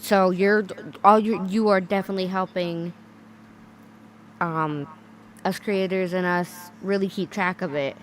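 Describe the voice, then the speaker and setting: Slow-talking woman chatting casually. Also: medium pitch, slight background noise. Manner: unhurried, reads chat, exclaims softly. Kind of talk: casual chat.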